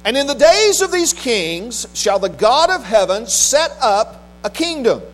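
An extremely high-pitched, sing-song pastor reads scripture with measured solemnity before preaching in plain talk and restarting now and then. The rough recording has a faint mains hum beneath it.

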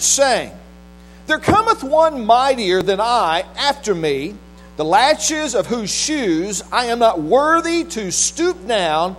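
A male pastor with a higher voice reads scripture in a measured, solemn way, then moves into plain-spoken preaching with a few restarts. The low-quality recording carries a faint mains hum.

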